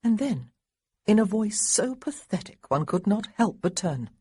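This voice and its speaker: Husky, expressive woman audiobook narrator. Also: medium pitch, measured pace, no room sound, studio quality. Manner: expressive, lively character dialogue.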